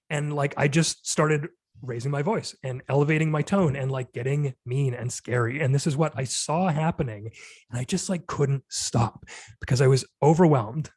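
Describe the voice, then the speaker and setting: A man's voice: fairly high pitch, darkish tone, no echo. A man in his thirties, a podcast guest, telling a personal story in an earnest, reflective way, full of "like" and "you know". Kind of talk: candid conversational storytelling.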